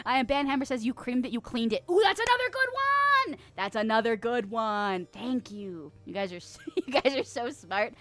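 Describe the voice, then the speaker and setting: A woman's voice: on the high side, normal speed. A young woman streaming and chatting with her viewers, rambling, laughing often and acting playfully indignant. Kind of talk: casual chat reading stream chat.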